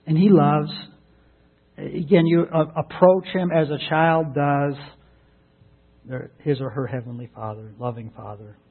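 Male pastor, husky, higher register, earnest sermon delivery with restarts; phone-thin radio sound. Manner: earnest, repeats words when starting a thought. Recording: tinny narrowband radio broadcast.

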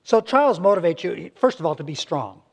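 A male pastor delivers a sermon in a high, light voice. He talks in an earnest, conversational way, repeating words as he restarts and voicing everyday people in quick quotes. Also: big pitch swings.

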